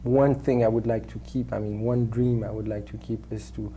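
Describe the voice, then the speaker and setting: A man with a French accent answering interview questions in a halting way, repeating words and filling pauses with "uh". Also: fairly low pitch, level tone, mellow, a little hiss or hum. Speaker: film actor being interviewed.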